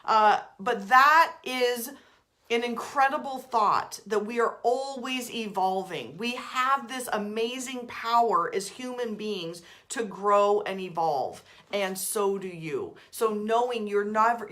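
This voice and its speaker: A woman in her forties, a coach leading a live book club talk in an energetic, casual way, swearing and trailing off mid-sentence. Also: fairly high pitch. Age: 40s. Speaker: life coach.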